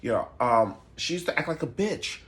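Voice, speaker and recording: A man hosting a casual gossip commentary show, sassy and theatrical, jumping into high falsetto exclamations. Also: very animated, normal speed, a bit bright. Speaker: show host.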